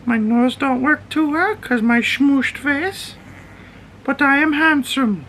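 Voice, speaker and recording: A man's voice: extremely high pitch, takes it slowly, fairly bright tone, a little hiss or hum, pitched above the performer's own voice, full character voice. A man putting on a proud squished-face dog voice. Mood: boastful. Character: proud flat-faced male pet dog.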